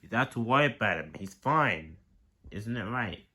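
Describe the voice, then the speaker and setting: A man doing a calm, matter-of-fact doctor. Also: lowish voice, moderate pace, breathy edge, full character voice. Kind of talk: plush toy skit.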